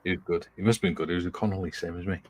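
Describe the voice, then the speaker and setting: A man chatting as a guest on a livestream in a relaxed way, with dry humour. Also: low voice, rapid-fire, faint music behind. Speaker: guest model builder. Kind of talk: casual livestream chat.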